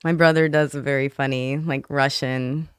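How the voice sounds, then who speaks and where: Guest woman, soft-spoken and hesitant, smooth clear voice, dry close mic. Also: a bass voice, steady tone, no room sound. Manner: soft-spoken, quick to laugh, hesitant with many ums. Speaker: podcast guest. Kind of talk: casual interview, personal testimony.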